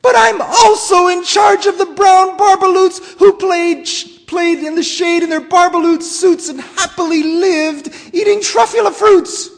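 A man voicing a short, old, mossy male forest creature who speaks in a sharp, bossy shout while reading a storybook aloud. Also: extremely high pitch, huge pitch swings, very slow, big-room sound, faint music behind, pitched above the performer's own voice, full character voice. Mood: scolding.

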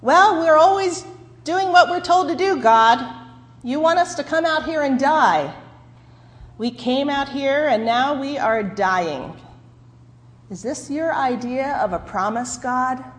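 A woman's voice: high voice, expressive, takes it slowly, in a large hall. A woman voicing a desperate mother in the desert, anguished and pleading, in a sermon's storytelling.

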